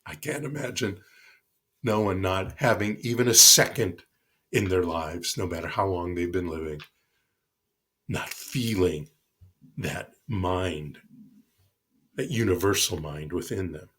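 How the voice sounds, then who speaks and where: A man's voice: deep voice, a little slow, pauses often, fairly bright tone, slightly rough. A man preaching a reflective sermon as pastor, telling stories. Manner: reflective, storytelling.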